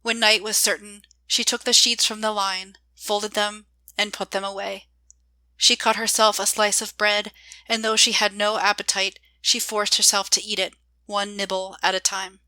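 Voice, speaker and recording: A woman reading her own short story aloud in a measured, calm way. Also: medium pitch, no room sound. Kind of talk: scripted narration.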